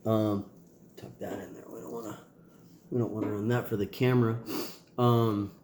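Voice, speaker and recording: A man's voice: fairly low pitch, fairly even intonation, normal speed, roomy sound, background noise. A man with a nasal voice, a tired and sore father talking casually to his kids in a rambling video diary. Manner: rambling, loose, with many ums and sighs.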